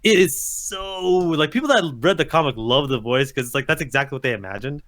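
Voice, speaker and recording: A man's voice: mid-range voice, expressive, quick pace, fairly bright tone. A man co-hosting a casual live-stream chat, matter-of-fact, explaining and plugging events. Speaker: podcast co-host.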